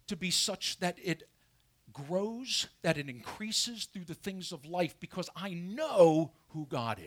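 A man preaching a sermon as pastor from a church pulpit, asking his congregation questions as he goes. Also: high-pitched. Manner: animated preaching with rhetorical questions.

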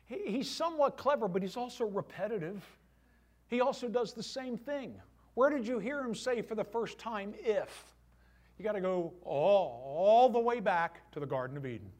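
A middle-aged male pastor preaching a sermon to his church, animated, with voiced asides. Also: high voice, normal speed.

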